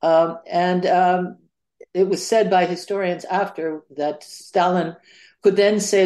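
An older woman historian answering interview questions on a podcast, speaking in halting sentences full of fillers and restarts. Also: fairly low pitch, fairly even intonation, a little mellow. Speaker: author and historian guest.

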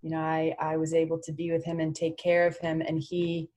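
A woman's voice: deep voice, completely flat delivery, a little fast, a little mellow. A woman in her forties, a guest on an interview podcast, speaking earnestly and from the heart with many "you know"s. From France. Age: 40s. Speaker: interview guest, former tennis champion.

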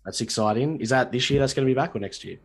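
A man's voice: mid-range voice, quick pace. Easygoing man hosting. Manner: relaxed, brief affirmations and questions. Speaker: podcast host. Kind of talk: casual interview chat.

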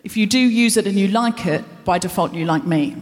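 Woman comedy host doing live stand-up, self-deprecating and anxious, mid-pitch voice, long hall reverb. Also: fairly quick. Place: large concert hall stage.

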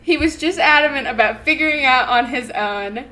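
A young woman with a slightly high voice co-hosts a casual podcast, reading an article aloud. She talks loudly and animatedly, trailing off into her own asides at a home podcast mic. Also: normal speed. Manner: loud and animated, laughing, trailing off. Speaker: podcast co-host.

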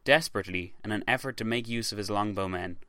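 A man narrating a history podcast from a script in a measured storytelling manner. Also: lowish voice, pushed and bright, no echo. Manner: measured, read-aloud storytelling. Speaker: podcast host.

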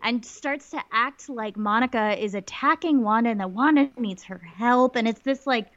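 A woman's voice: a little high, moderate pace, fairly bright tone, no echo, muffled recording. A woman co-hosting a podcast, recapping a TV episode in casual chat with lots of "like" fillers. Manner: chatty, many "like" fillers, quotes lines in little voices. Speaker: podcast co-host.

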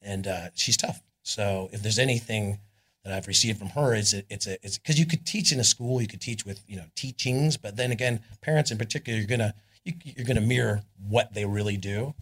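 A middle-aged man with a Californian accent, telling rambling, animated stories at a live on-stage interview in a club, bursting loudly into quoted lines. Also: fairly low pitch, fairly quick, slightly rough. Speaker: guest, rock singer.

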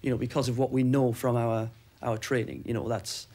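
Fast-talking man with a flat delivery. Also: medium pitch, vocal fry. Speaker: interviewee recalling captivity. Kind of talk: personal testimony.

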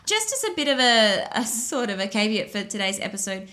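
A young woman co-hosting a casual podcast, telling a story in a chatty, animated way and laughing often. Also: medium pitch, fairly quick.

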